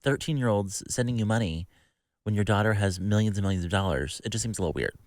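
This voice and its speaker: Low-voiced man with wry podcast asides. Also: fast talker, a little mellow, no echo, studio quality. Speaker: podcast co-host. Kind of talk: casual chat.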